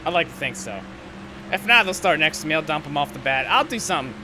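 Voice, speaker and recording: A man's voice: fairly high pitch, lively intonation, fast talker. Cursing man over roaring race engines. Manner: profane, exasperated ranting. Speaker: gaming commentator. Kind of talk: live gameplay commentary. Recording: loud game engine noise underneath.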